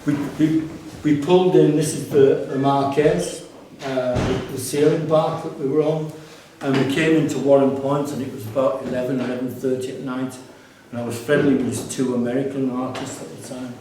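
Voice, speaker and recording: An artist and curator gives a casual gallery talk in an exhibition space, rambling through anecdotes about his life with restarts and fillers. His mid-range voice has fairly even intonation, and he talks at normal speed with hardly any pauses. The background is noisy, and he's recorded from far off in an echoey room.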